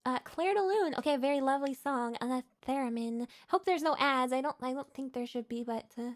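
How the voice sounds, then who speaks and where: A woman's voice: sits high, fairly quick. A woman hosting a casual live stream, rambling with lots of fillers, giggling and greeting viewers. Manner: rambling, with many fillers and restarts. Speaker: VTuber streamer host.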